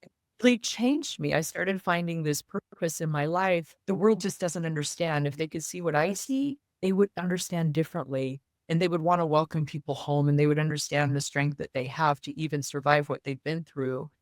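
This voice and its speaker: A woman's voice: sits low, moderate pace, no room sound, studio quality. A woman guest in an interview, earnestly telling a personal story and acting out the quoted voices of others. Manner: earnest, animated retelling with quoted dialogue.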